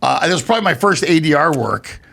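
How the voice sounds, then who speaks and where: Man, comedian from Canada, gravelly, slightly high voice, casual podcast storytelling, rambling with fillers. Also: animated, fast talker, fairly bright tone. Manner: rambling anecdotes full of fillers and restarts. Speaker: comedian guest.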